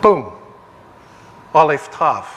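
A man's voice: fairly high pitch, very animated, extremely slow, a bit bright. A man leading a conversational Bible study, emphatic and digressive, repeating phrases for stress. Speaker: Bible teacher. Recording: long reverb of a hall.

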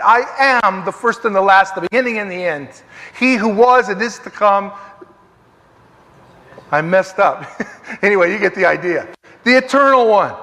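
A man's voice: high voice, a bit bright. A man leading a conversational Bible study, emphatic and digressive, repeating phrases for stress. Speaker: Bible teacher. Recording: long reverb of a hall.

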